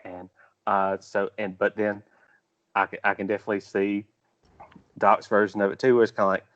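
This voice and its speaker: A man co-hosting a podcast, talking casually in a halting way with many restarts. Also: lowish voice, flat delivery, a bit bright, lo-fi sound. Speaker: podcast co-host. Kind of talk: casual chat.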